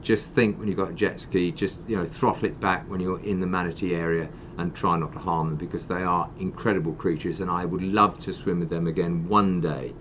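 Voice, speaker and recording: An older man hosts a casual live stream, telling long rambling stories and teasing himself. His voice sits on the low side. He speaks with easy, self-mocking humour. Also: fairly even intonation, brisk, few pauses, a bit bright, lo-fi sound, slight background noise. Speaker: charity host.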